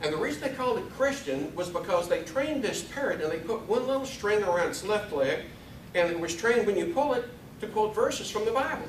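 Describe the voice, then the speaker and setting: A man's voice: high-pitched, lively intonation, a little fast, slight background noise. A middle-aged man giving a humorous speech to an audience, telling a family story with timed punchlines. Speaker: speaker. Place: room with a live audience. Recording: echoey hall, mic at a distance.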